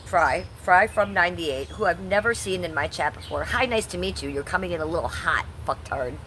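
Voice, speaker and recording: Woman in her fifties, combative and blunt, low voice, faint hum behind, live-stream chat. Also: expressive, a little fast, a bit bright. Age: 50s. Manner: blunt, combative, swears at chatters. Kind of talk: casual live-stream chat, reading and answering the chat.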